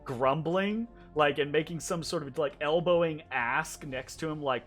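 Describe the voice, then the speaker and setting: Halting man narrating as game master. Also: on the high side, a bit bright, faint music behind. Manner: halting, full of "like" and "um".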